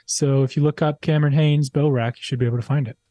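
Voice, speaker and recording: A man co-hosting a casual livestream, speaking in a low-key, dry way with hesitant ums. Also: fairly even intonation, fast, dark tone, dry recording. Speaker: co-host. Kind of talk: casual live chat.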